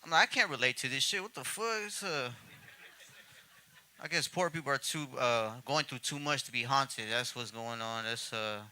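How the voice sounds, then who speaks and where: A man's voice: mid-range voice, moderate pace, pushed and bright, clean tone. A man closing out a stand-up set in a club with mumbled, trailing asides. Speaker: stand-up comic. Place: comedy club stage.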